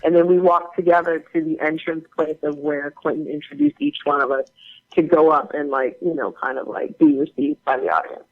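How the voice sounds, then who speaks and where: A woman guest on an interview show, telling animated stories in a casual way with lots of fillers. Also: deep voice, brisk, gravelly, phone-quality sound. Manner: animated, chatty anecdote-telling with many fillers. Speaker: guest actor.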